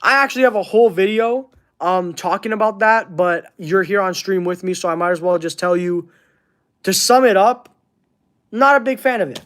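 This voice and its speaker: High-voiced man streaming casually. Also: fairly bright tone, clean tone. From Canada. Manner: halting, searching for words, earnest. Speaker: wrestling channel host. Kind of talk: casual livestream chat reading comments.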